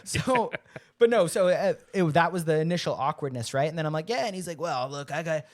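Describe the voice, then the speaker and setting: Young man, podcast co-host, casual storytelling, jokey, slightly high voice. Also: expressive, a little fast. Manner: joking storyteller, acts out voices of people in his stories. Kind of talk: casual chat.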